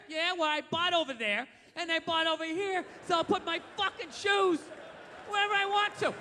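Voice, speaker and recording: A man doing a stand-up comedy rant, profane and bursting into shouts. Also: extremely high pitch, a little fast, big-room sound, background noise.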